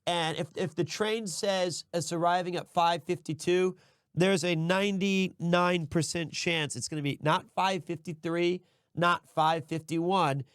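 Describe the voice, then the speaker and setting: Man, streamer host, casual rambling chat, slightly high voice, dry close sound. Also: fairly even intonation, unhurried, fairly bright tone, clear, resonant tone, dry recording. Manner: rambling, self-correcting, easygoing. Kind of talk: casual chat while building a model set.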